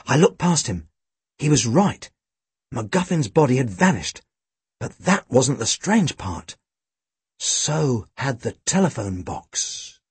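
A man narrating a storybook with a dry, wry, expressive delivery. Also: mid-range voice, takes it slowly, slightly rough, no echo. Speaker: audiobook reader.

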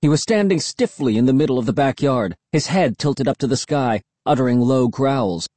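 Male audiobook narrator, husky, suspenseful, dry close read. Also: mid-range voice, normal speed, no room sound. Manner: expressive, suspenseful storytelling. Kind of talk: scripted narration.

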